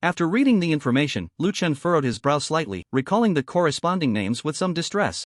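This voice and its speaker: A man reading a scripted story recap, with a lively delivery that rises and falls. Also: a little high, quick pace, dry recording, studio quality. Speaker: recap narrator.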